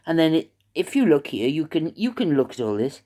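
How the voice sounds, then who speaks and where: Older woman YouTuber, gossipy rambling talk to camera, voice sits a touch low. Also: very animated, fairly quick, dark tone. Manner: rambling, gossipy, hesitant with fillers. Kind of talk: casual chat to camera. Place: retirement home, indoors.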